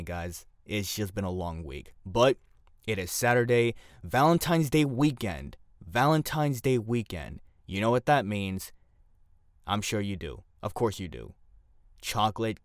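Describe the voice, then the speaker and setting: A man with a low, groggy voice hosts a podcast in casual, opinionated chat. He talks bluntly and doubles up phrases for emphasis. The sound is dry and close, with no room behind him. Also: no room sound. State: groggy, short on sleep. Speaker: podcast host.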